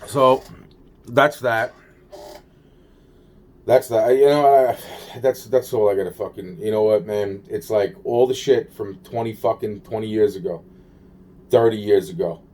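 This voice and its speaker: A man's voice: fairly low pitch, moderate pace, mellow. A man rambling to camera in a profane, agitated monologue, repeating himself and trailing off.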